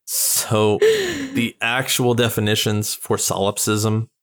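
Man, podcast co-host, somewhat low voice, halting speech. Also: steady tone, a bit bright, clear, resonant tone. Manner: halting, hesitant with restarts. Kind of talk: casual chat, reading definitions.

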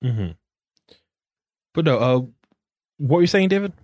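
A man's voice: fairly high pitch, big pitch swings, a little slow, a little mellow, no room sound, studio quality. A man co-hosting a podcast, talking casually in a rambling, wry way with many fillers. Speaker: podcast co-host.

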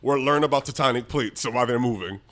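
A young man from the Bronx, telling a story as a podcast guest. He laughs often and acts out his own lines loudly. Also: mid-range voice, fast talker. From the Bronx, New York. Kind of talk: animated storytelling.

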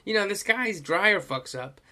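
A man's voice: high voice, lively intonation, a little slow, bright, forceful tone. A man co-hosting a podcast, rambling casually with profanity and plenty of fillers. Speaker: podcast co-host. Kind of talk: casual chat.

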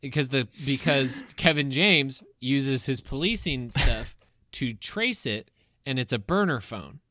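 A woman in casual conversation, retelling a movie plot quickly with lots of restarts. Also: rumbling low, animated, a bit bright, no echo, studio quality. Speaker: podcast co-host. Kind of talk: casual movie recap chat.

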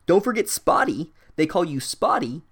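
Guy doing a nasty little trickster ghost, high and loud, jeering at everyone. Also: very animated, normal speed, breathy edge, exaggerated voice. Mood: taunting. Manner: jeering, mocking. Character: mischievous male trickster ghost, cruel and taunting.

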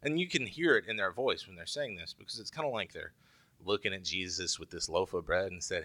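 A man's voice: low-pitched, brisk, sharp tone, no room sound. A man preaching a sermon in a conversational way, with joking asides to the congregation. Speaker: pastor.

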